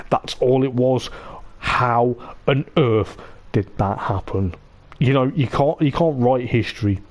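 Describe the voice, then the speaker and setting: A man giving live commentary on an online racing league, excitable and repetitive, laughing often, his voice going hoarse. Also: mid-range voice. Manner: excitable, repeats "I tell you what", laughs often. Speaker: race commentator.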